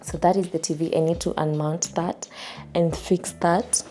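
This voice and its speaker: A woman's voice: lowish voice, flat delivery, normal speed, warm tone, soft background music. A young woman with a Kenyan accent, telling a storytime vlog from her home in a chatty, repetitive way. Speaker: vlogger. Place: her home while packing to move.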